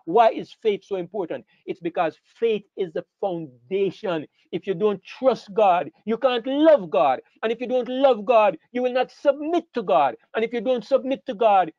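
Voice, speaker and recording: Here a man with a high, slightly mellow voice gives an emphatic, repetitive sermon lecture, asking and answering his own questions. There is no room sound, and the audio is dull, lo-fi and dry.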